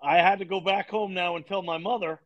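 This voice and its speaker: A man's voice: high voice, a little fast, dull audio. A middle-aged man from Long Island, a lacrosse coach telling stories as a podcast guest and acting out the dialogue in them. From Long Island, New York. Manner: animated storyteller, acts out quoted dialogue. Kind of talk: storytelling in a podcast interview.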